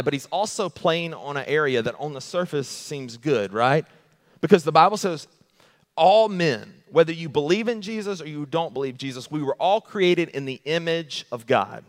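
Man preaching in a reverberant hall. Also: fairly high pitch. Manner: animated preaching with rhetorical questions. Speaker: pastor. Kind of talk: sermon.

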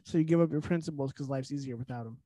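A man's voice: medium pitch, rapid-fire, mellow, no room sound. A man co-hosting a podcast, chatting casually, laughing often and steering the topics. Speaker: podcast co-host.

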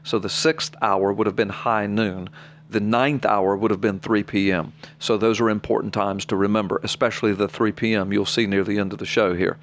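A man's voice: fairly low pitch, fairly even intonation, moderate pace, slight background noise. A man, a preacher on a podcast, reading scripture aloud and explaining it plainly to his co-host in an earnest, personal way. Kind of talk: podcast Bible teaching.

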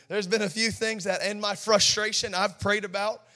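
A pastor preaching with fire, his voice very high and bright. He swings from quiet, confiding asides to shouted, sing-song peaks. He acts out the people he quotes, stammering and laughing. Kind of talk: sermon.

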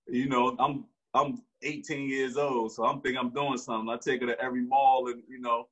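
A man's voice: medium pitch, level tone, normal speed, a bit bright, husky. A man, telling a story in slangy street talk with frequent restarts. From Newark, New Jersey. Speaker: interview guest. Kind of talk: casual storytelling. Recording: dull lo-fi recording.

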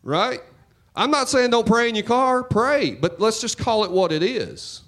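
A man preaching a sermon in church, talking to the congregation in a conversational, joking way and swinging between loud and hushed. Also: very high-pitched, lively intonation, unhurried. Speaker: pastor.

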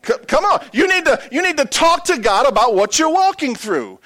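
A middle-aged male pastor preaching a sermon, humorous and animated, swinging from hushed asides to emphatic bursts. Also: very high-pitched, moderate pace, hardly any pauses.

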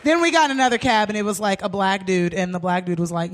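A woman's voice: mid-range voice, quick pace. A woman co-hosting a live comedy show, telling a story with lots of energy, acting out the people in it and swearing casually. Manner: animated, acts out quoted people, swears casually. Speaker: co-host and stand-up comedian.

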